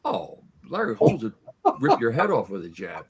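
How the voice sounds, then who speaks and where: A man's voice: lowish voice, huge pitch swings, moderate pace, heavy background noise. A man who is a guest on a sports talk radio show, telling stories in a casual chat and often restarting and repeating words.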